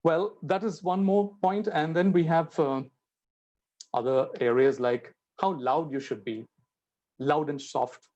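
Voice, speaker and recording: A man's voice: a little high, steady tone, unhurried, a little mellow, dull audio. A man giving a spoken English lesson, explaining and acting out example sentences with changing intonation and stress. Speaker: teacher.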